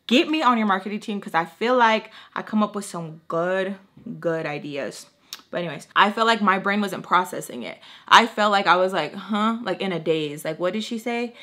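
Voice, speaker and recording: A woman's voice: mid-range voice, moderate pace. A young woman telling a storytime on her vlog in a casual, sassy way, acting out what others said to her. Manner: sassy, animated, acts out quoted dialogue. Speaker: beauty vlogger.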